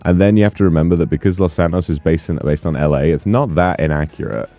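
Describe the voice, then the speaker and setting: A man's voice: sits low, fast, mellow, no room sound. A man making wry joking comments in a casual group chat.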